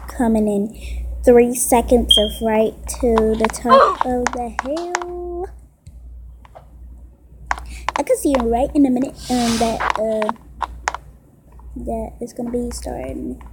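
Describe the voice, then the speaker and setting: A woman giving excitable, casual commentary while playing a game, exclaiming and muttering to herself, recorded on a phone. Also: on the high side, slow pace, noisy background. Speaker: gameplay commentator. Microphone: phone microphone via screen recorder.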